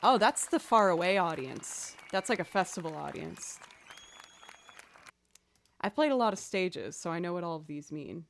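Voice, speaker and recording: A woman streamer chatting casually and telling a story in an animated, playful way. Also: lowish voice, normal speed, pauses often, a faint crowd. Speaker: musician streamer. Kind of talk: casual chat.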